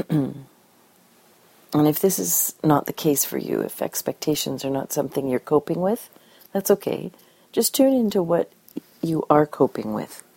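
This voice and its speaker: A woman leads a guided tapping session in a calm, gentle voice, giving the listener phrases to repeat. Her voice sits very low and is husky, with a dark, mellow tone. She moves steadily from point to point. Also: measured pace, dry recording. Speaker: tapping practitioner.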